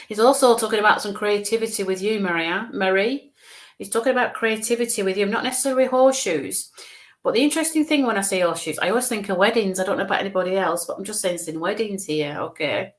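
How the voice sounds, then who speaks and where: A woman giving live psychic mediumship readings, reassuring viewers and softly coaxing spirits to come closer. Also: mid-range voice. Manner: reassuring, repeats "bless you" and "okay", coaxing spirits closer.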